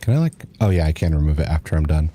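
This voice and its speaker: A man's voice: extremely low pitch, very animated, rapid-fire, dark tone, a little hiss or hum. A man streaming a game, chatting casually and joking, at times hamming up a bro voice. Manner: joking, slips into a mock bro voice. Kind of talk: casual gameplay commentary.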